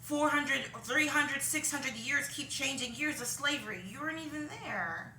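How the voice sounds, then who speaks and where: A high, bright, forceful female voice moves at a moderate pace with a little hiss or hum underneath. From a home room with laundry behind her, she vlogs a rambling, casual opinion monologue, full of ums and short laughs at her own expense, recorded far from the mic in a roomy space.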